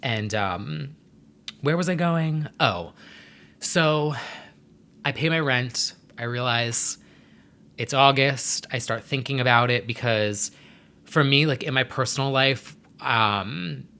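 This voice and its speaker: Bright-voiced man rambling casually. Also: mid-range voice, slow, smooth. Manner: rambling stream of consciousness, frequent fillers and laughs. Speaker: vlogger. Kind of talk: casual chat.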